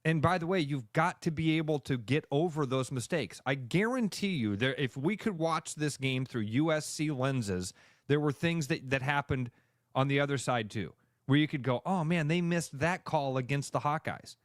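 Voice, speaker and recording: A male sports radio co-host in casual chat, animated, acting out fans' reactions in quick voices. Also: medium pitch, no echo, studio quality.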